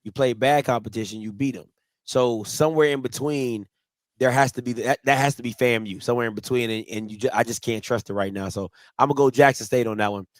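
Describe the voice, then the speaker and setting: A man hosting a sports talk show, leading each segment with lively questions and his own picks. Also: mid-range voice, fast talker, no echo. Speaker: host.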